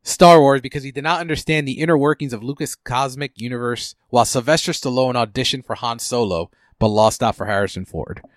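Relaxed, rambling male podcast host. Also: medium pitch, dry recording, studio quality. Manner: relaxed and rambling, with many fillers. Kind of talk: casual chat.

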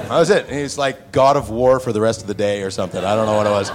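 A man telling an anecdote to an audience in a hall, animated and acting out the other people's voices. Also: fairly low pitch, very fast, noisy background. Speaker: actor telling a set anecdote. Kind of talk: onstage storytelling. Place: stage before an audience in a hall.

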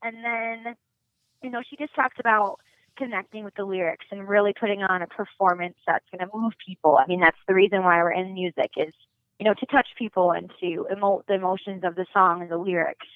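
A young woman from North Dakota, a singer, tells her story with animated, giggly energy as a podcast guest. The sound is thin and phone-like, and the room is very dry. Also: mid-range voice, a little fast, dry recording. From North Dakota, USA. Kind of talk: casual interview storytelling. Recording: dry phone-line audio.

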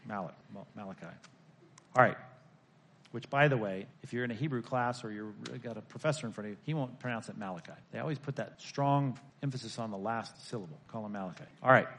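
Male pastor-teacher, mid pitch, brisk classroom lecturer with wry humor. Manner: lively, rhetorical questions, wry asides to the class.

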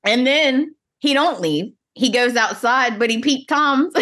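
A woman co-hosting a podcast, recapping a soap opera in casual chat, sassy and animated, often laughing. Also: high-pitched, unhurried, hardly any pauses. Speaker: podcast co-host.

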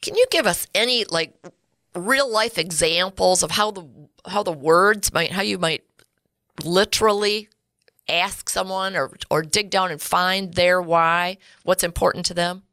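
Bright-voiced woman host asking questions. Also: fairly low pitch, measured pace, dry recording, clean studio sound. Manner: asks follow-up questions. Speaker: podcast host. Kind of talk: interview questions.

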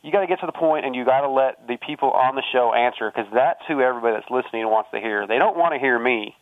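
A man's voice: medium pitch, no room sound. A man who calls a show regularly, chatting frankly and casually. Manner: quick, frank, self-aware. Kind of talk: casual chat. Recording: tinny phone-line sound.

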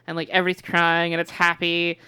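A woman co-hosting a podcast, recapping a film in casual, animated storytelling. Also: on the low side, fast, smooth, dry recording. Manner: animated storytelling with excited quoted voices. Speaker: podcast co-host. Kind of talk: casual movie recap chat.

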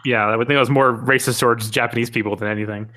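A man co-hosting a podcast in casual chat, excitable and swearing, his pitch leaping up when he gets worked up. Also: rapid-fire. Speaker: podcast co-host.

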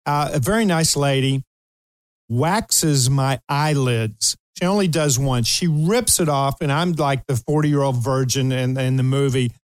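Laughing often, an older man from Kentucky, USA, who hosts a talk show, relates a humorous story and acts out the quoted voices with animation. His voice sits at medium pitch with a measured pace, captured in a dry recording.

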